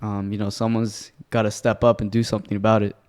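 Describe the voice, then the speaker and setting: A low-voiced man speaking with a flat, even tone. He sounds relaxed and a little hesitant as he fills his sentences with "um" and "like" on a casual podcast. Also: quick pace. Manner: relaxed, hesitant, many fillers. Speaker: guest salesman.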